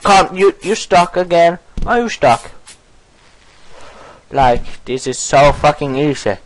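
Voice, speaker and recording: Young male let's player, goofy and excitable; pitch leaps all over, unhurried talk. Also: low-quality recording. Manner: goofy and excitable, breaks into silly singing and swearing. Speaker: gameplay commentator. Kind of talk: casual let's play commentary.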